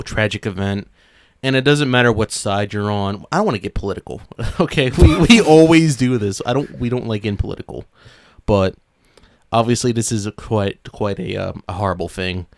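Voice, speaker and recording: A man's voice: on the low side, moderate pace, no room sound, clean studio sound. A young man co-hosting a podcast in casual chat, swearing often and rambling with many restarts. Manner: swears a lot, rants loudly then calms into rambling. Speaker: podcast co-host.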